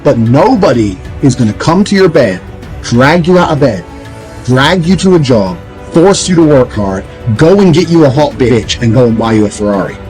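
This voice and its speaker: A man's voice: medium pitch, sing-song, normal speed, darkish tone, rough recording. A man from England, delivering a blunt, profane motivational rant that lectures listeners and mocks the way other people talk. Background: faint background music.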